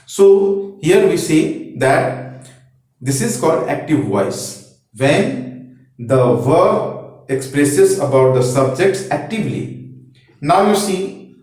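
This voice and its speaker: A man teaching English grammar, explaining slowly and repeating himself while pointing to examples on a board. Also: on the high side, expressive, darkish tone. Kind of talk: classroom-style explanation. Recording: very echoey room, voice from far off.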